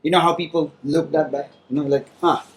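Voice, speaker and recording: A man, chatting casually and telling lively stories, acting out other people's lines as he goes. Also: on the high side, fast, slight background noise. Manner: animated storytelling, acts out other people's lines. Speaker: host. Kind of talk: casual conversation.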